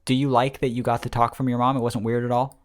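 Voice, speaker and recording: A man's voice: mid-range voice, little pitch movement, fast. A man co-hosting a podcast in casual, crude, jokey chat, often restarting his sentences. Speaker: podcast co-host.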